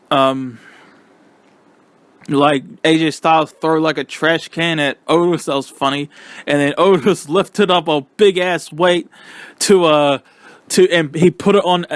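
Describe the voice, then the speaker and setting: A young man casually reviewing a wrestling event, excitable and rambling with lots of fillers. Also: fairly high pitch, smooth, no room sound.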